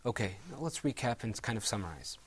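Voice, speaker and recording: A man's voice: on the low side, sing-song, husky. Patient man teaching recitation. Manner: patient, encouraging, models pronunciation slowly for repetition. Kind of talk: classroom tajweed lesson.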